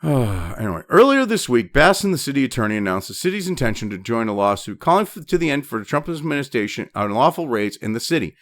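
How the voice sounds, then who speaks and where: A man angrily ranting and cursing as he reads news items aloud, breaking off into loud outbursts. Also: mid-range voice, fast, hardly any pauses, no room sound. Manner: angry, swearing constantly, swinging between flat reading and loud outbursts. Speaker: commentator reading and reacting to news. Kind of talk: profane political rant over news reading.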